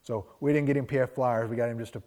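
A man pastor preaches in an animated, chatty storyteller's style, with a middle-pitched voice. His words hang in the long reverb of a church sanctuary. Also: fast. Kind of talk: sermon with storytelling.

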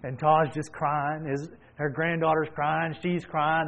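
Emphatic preacher, fairly high voice. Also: male voice, little pitch movement, slow pace, vocal fry, narrow, tinny audio. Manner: swings between soft and loud, emphatic. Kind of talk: sermon with storytelling.

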